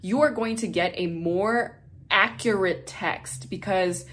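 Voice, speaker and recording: A woman's voice: medium pitch, slow, fairly bright tone, slight background noise. A woman hosting a podcast who chats casually and candidly, swearing freely and laughing often; English is her second language. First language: not English. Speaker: podcast host.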